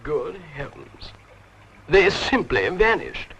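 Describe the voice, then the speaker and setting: A man's voice: on the high side, very animated, slow, gravelly, fairly bright tone, slight background noise, exaggerated voice. A man voicing a fussy male thoroughbred horse with a plummy English accent and a languid drawl, on a dull old TV soundtrack with music behind.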